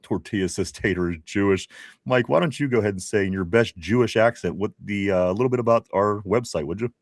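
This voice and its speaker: A man's voice: lowish voice, fast, dry recording. Joking male live-stream host, dry sound. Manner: joking and animated, with laughs. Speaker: podcast co-host reading viewer comments. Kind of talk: casual live-stream chat.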